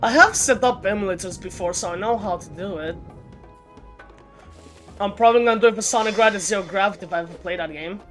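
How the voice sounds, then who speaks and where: A woman's voice: medium pitch, fast. A woman streamer chatting casually while playing a game, often stumbling and restarting her sentences. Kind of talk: casual gaming stream chat. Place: home streaming setup. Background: faint game music.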